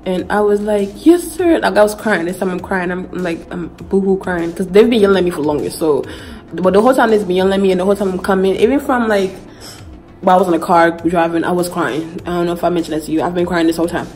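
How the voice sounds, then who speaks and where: Chatting through a storytime vlog, a young woman from Ghana retells events with lively energy, peppering her speech with slang and "like." She talks at a quick pace in a fairly low voice, and the audio is poor.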